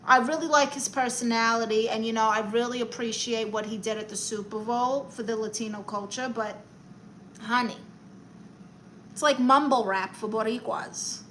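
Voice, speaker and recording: A woman's voice: a little high, steady tone, normal speed, a bit bright, slight background noise. A woman with a New York accent hosting a casual livestream, reading comments aloud and giving advice in a sassy, theatrical auntie manner. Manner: sassy, theatrical auntie, calls viewers honey and darlings.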